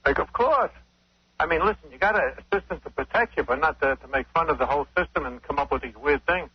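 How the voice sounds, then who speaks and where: A man in his eighties calling in by phone, rambling and halting. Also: on the high side, slightly rough, no echo, lo-fi sound. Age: 80s. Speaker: caller. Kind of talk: phone call.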